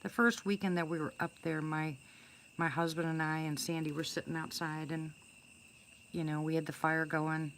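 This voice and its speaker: Greeting her live viewers like a friend, a low-voiced older woman rambles through a long personal story, stumbling into restarts and fillers. Her pitch barely moves, her pace is normal, and her tone is a bit bright. Crickets and insects chirp faintly, and there's a little hiss or hum.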